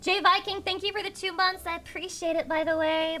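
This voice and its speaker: A woman's voice: extremely high pitch, fairly even intonation, brisk, pushed and bright, faint music behind. A young adult woman streaming live, bantering with chat in a brash, swearing way. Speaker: VTuber streamer.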